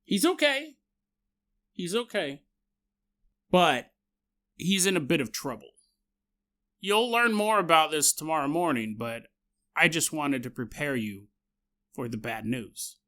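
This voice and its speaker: Give me a man playing a calm, solemn little gnome with a bright, high voice. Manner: calm, measured delivery of bad news. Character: small translucent male gnome, calm and solemn.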